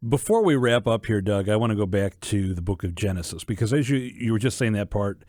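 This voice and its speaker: A man's voice: fairly low pitch, fairly quick, no echo. A man hosting a Catholic radio talk show, speaking in an earnest, reflective way on a studio microphone. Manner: earnest, reflective, animated storytelling. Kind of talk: conversational faith radio talk.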